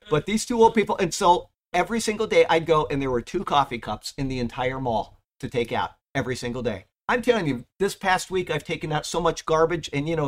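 A man's voice: fairly high pitch, fairly bright tone. A man teaching a casual verse-by-verse Bible study in a chatty, folksy way, stressing key words emphatically.

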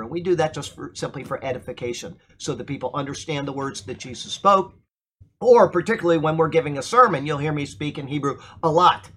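A man's voice: medium pitch, slight background noise. A middle-aged man, a pastor, teaching a Bible class in a church and checking with the room as he goes. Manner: emphatic, asks the class "okay?" often.

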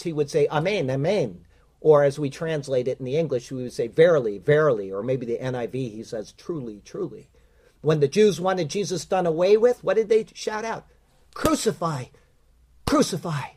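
A man teaching through a Bible passage verse by verse, deliberate and emphatic, slowing down to stress quoted words. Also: a little high, a little mellow. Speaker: preacher.

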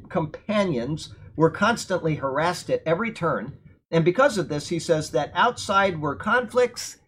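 A man teaching verse by verse through a letter of scripture. He reads the verses with emphasis, then drifts into relaxed, musing asides. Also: on the high side, breathy edge. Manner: earnest, emphatic when quoting scripture, loose asides. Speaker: Bible teacher. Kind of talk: verse-by-verse Bible commentary.

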